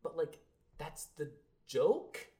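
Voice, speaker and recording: A man's voice: fairly high pitch, big pitch swings, slow, dark tone. A young man chatting casually about a film on a podcast, rambling with lots of fillers and trailing off. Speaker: podcast co-host. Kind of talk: casual movie review chat.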